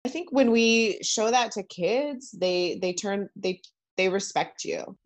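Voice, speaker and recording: A woman's voice: mid-range voice, slow. A woman middle school principal, a guest in a casual chat who agrees often.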